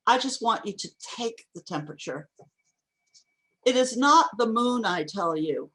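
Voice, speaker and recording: A woman giving a craft talk on poetry over a video call, reading lines aloud slowly and deliberately. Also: mid-range voice, a bit bright. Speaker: poetry workshop teacher. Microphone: video call microphone.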